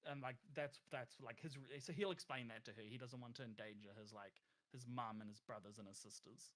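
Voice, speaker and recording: A man's voice: mid-range voice, steady tone, brisk, a bit bright. A man talking through his character's choices as a player in a casual tabletop game, rambling with many fillers and restarts.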